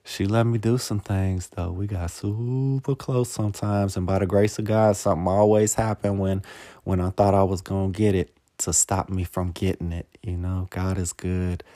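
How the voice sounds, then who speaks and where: A rambling man talking through a casual podcast monologue in a somewhat low voice, swearing freely and dropping "man" into every sentence. He turns heartfelt and choked up at times. The sound is dry and close, with no room echo. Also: steady tone, moderate pace, warm tone. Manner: profane, peppers every phrase with "man". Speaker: podcast host.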